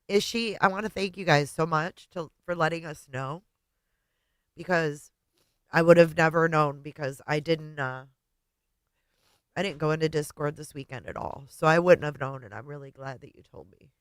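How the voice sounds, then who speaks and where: A woman hosting a livestream and talking casually to her viewers, tearful, halting and often trailing off quietly. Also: low-pitched, fairly even intonation, smooth, dry recording. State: tearful, voice breaking. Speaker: livestream host.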